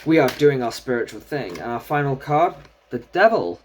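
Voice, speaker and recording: Brief: tarot reader, mid-pitched, casual and chatty, muses aloud over each card. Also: very animated, normal speed, a little mellow, a little hiss or hum. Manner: chatty, thinking aloud while drawing cards. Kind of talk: casual solo tarot reading.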